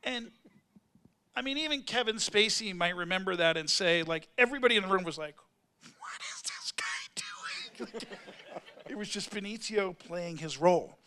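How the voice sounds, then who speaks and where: Bright high-voiced man telling a story. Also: lively intonation, fairly quick, a little hiss or hum. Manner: rambling, self-interrupting storyteller who acts out quotes. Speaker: actor, panel guest. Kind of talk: convention panel anecdote. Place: convention hall panel.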